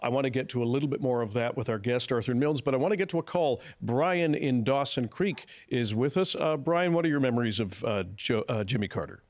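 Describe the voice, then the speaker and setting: Brisk male radio host. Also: medium pitch. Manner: brisk and polite, quick announcements. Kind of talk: live radio hosting.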